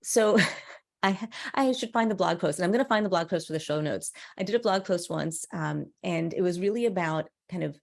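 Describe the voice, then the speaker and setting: A woman's voice: lowish voice, fairly quick, vocal fry. A middle-aged woman guest on a podcast, telling stories with energy and acting out quoted dialogue. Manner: animated storyteller, acts out quoted dialogue. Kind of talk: casual podcast conversation.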